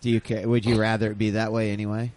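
Energetic, profane male podcast host. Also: lowish voice, fast talker, slight background noise. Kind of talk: casual chat.

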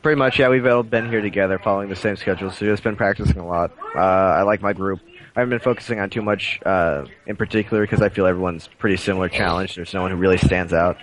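Terse, very deep-voiced fast talker. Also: male voice, fairly even intonation, slight background noise. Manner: terse, matter-of-fact. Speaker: guest player. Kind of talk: casual chat. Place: LAN center.

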